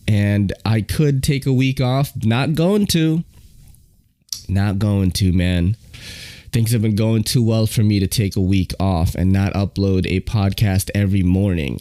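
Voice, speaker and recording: A man's voice: lowish voice, a little mellow, no echo, studio quality. A man hosting his own podcast in casual chat, laid-back and enthusiastic, often dropping "man" and "you know". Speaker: podcast host.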